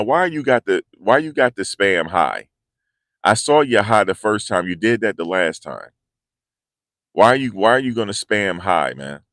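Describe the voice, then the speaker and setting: Deep-voiced man in casual slangy commentary. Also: fairly bright tone, dry recording, studio quality. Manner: slangy, repetitive, conversational. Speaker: commentary channel host.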